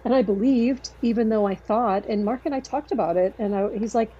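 Woman, dark husky voice, rambling casual storytelling, fillers and restarts, muffled lo-fi recording. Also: on the high side, brisk, few pauses. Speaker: podcast guest, host's sister.

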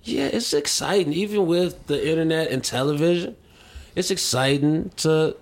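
A man hosting a podcast, chatting casually in a lively, joking, excitable way. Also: fairly high pitch, moderate pace, faint music behind. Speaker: podcast host. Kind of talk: casual chat.

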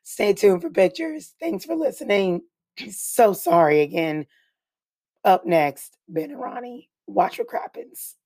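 A woman hosting a podcast with a hoarse voice she has nearly lost, talking casually and apologizing through a quick intro. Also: mid-range voice, expressive, dark tone, dry recording. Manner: apologetic, rushed, laughing at herself. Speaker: podcast host.

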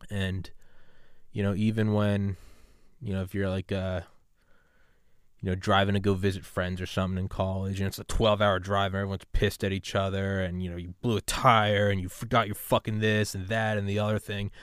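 A man hosting a podcast in casual talk, rambling and swearing, sliding between quiet musing and loud fired-up pep talk. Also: low voice, little pitch movement, fairly quick, smooth, dry recording, studio quality. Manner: rambling, profane, swings from subdued to loud and fired-up. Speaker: podcast host. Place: home room with gaming setup.

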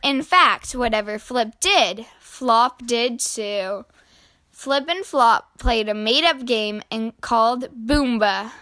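A woman who hosts a children's channel, reading a picture book aloud slowly, clearly and gently. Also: on the high side, no room sound. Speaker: children's story reader. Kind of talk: storybook read-aloud.

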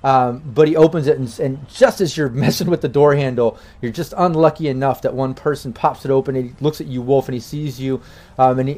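A man's voice: on the high side, a little mellow. A man narrating a tabletop game on a stream as game master, in a casual, rambling way.

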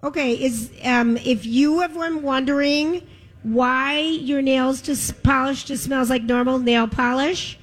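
High-voiced chatty woman radio host. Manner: chatty and playful, quick asides. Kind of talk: live radio broadcast chat.

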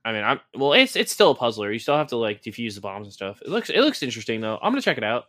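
A man's voice: mid-range voice, sing-song, rapid-fire, a bit bright, no room sound, clean studio sound. A man co-hosting a casual podcast, rambling along with plenty of swearing and sarcasm. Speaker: podcast co-host.

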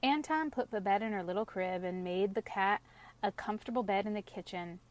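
A woman reading a storybook aloud in measured, lively narration. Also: mid-range voice.

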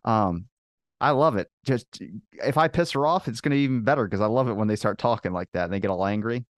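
Male podcast host, low-pitched, rapid, dry close mic. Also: no echo. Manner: animated storyteller, swears freely. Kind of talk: casual chat.

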